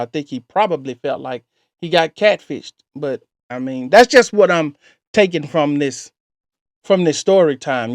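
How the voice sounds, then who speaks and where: A man's voice: mid-range voice, no echo, clean studio sound. A man hosting a reaction channel, talking through a story clip and giving his own dating advice to viewers.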